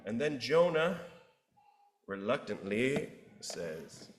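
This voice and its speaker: Male pastor preaching in a church, animated storyteller, unhurried delivery, roomy echo. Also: mid-range voice, background noise. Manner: animated storyteller acting out characters. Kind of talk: sermon storytelling. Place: church sanctuary.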